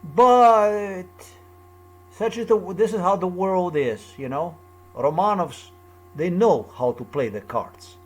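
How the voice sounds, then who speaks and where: A man's voice: high-pitched, slow pace. A man talking alone in a rambling, repetitive monologue with loose, off-the-cuff phrasing. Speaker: commentator.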